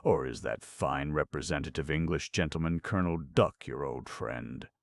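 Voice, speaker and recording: A blunt, kindly gentleman, gruff and plain-spoken, chiding his friends, as a male narrator reads him. The voice is very deep and gravelly, recorded dry and close. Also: normal speed, dry recording. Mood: stern.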